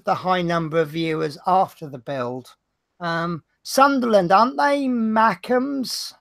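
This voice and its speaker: A man's voice: high voice, vocal fry, fairly bright tone, no room sound. A man with a Norfolk accent hosting a livestream, chatting casually and rambling with self-mocking humor. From Norfolk, England. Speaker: livestream host.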